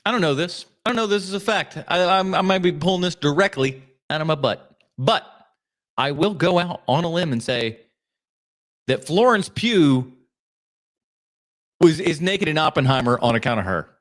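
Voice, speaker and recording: A man's voice: on the high side, expressive, normal speed. A man hosting a podcast, riffing sarcastically and swearing as he reacts live to video clips. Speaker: podcast host.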